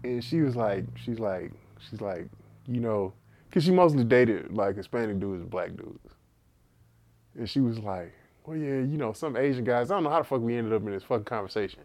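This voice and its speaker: A man's voice: medium pitch, expressive, normal speed, darkish tone. A man co-hosting a podcast, telling stories in casual, profane chat with bursts of laughter. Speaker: podcast co-host.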